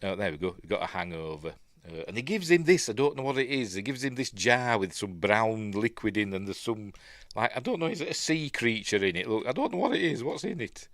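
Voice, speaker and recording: A man's voice: on the low side, sing-song, brisk, fairly bright tone, dry recording. A man with a Yorkshire accent talks through a film in a casual, rambling way, full of ums and asides. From Yorkshire, England. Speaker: film reviewer.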